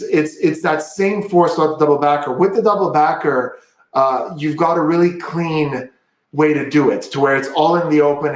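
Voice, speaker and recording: A man's voice: on the high side, reverberant. A man hosting a casual magic livestream, upbeat and chatty, walking through a card trick step by step.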